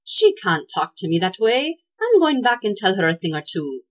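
A woman voicing an excitable young male elf sidekick, shrill and indignant. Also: measured pace, husky.

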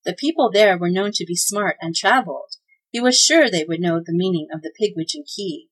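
A woman reads a children's storybook aloud as the host of a holiday podcast. Her telling is gentle and expressive, clear and even in pace. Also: lowish voice, a little fast, poor audio. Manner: gentle, expressive read-aloud with voiced characters.

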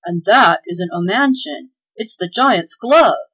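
Brave young questing man, voiced by a woman reader, urgent, emphatic, storybook, breathy. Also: mid-range voice, big pitch swings, measured pace, rough recording.

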